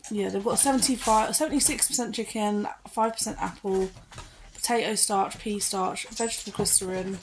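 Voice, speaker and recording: Casual woman vlogger, mid-range voice, talks through a pet unboxing and gives her dog quick commands, noisy phone audio. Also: mid-range voice, steady tone. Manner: chatty, reads ingredient lists aloud and gives her dog short commands. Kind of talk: casual chat while training her dog.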